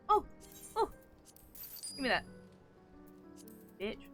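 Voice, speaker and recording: A woman streaming a game live, chatting casually and excitably, muttering to herself and then bursting out loudly, swearing freely. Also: mid-range voice, moderate pace, soft background music.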